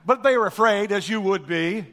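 A man preaching a sermon, telling Bible stories in a folksy, animated way with acted-out quotes. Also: high-pitched, moderate pace. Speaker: pastor.

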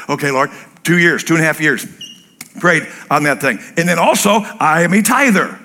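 A male pastor preaching a sermon in church, blunt and joking, an animated storyteller who acts out other people's voices. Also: a little high, a little fast.

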